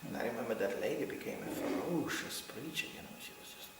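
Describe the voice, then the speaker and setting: Quick and medium-pitched with vocal fry, a middle-aged man tells lively stories from memory to a devotional gathering, often laughing and performing what people said. Heavy background noise fills the clip, which was captured in a very echoey room with a distant mic.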